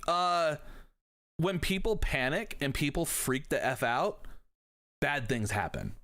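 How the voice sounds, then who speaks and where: A man's voice: mid-range voice, fairly bright tone. A man teaching history on a live stream, talking in a casual, jokey way and swearing now and then. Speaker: history professor.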